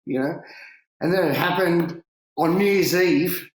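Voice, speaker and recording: A man, a big-wave surfer, telling stories in a casual interview, lively and swearing freely, laughing and acting out what people said. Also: on the high side, unhurried. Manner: animated, swearing, laughing, acts out quotes. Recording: roomy echo.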